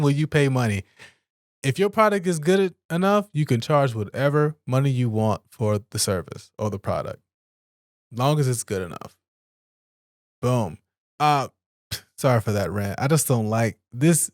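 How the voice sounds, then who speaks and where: In clean studio quality with no echo, a man hosts a solo podcast, reading points aloud and ranting about them casually with plenty of swearing and side comments. His intonation is lively, his pace unhurried with long pauses, and he breaks into high-pitched bursts of exasperation.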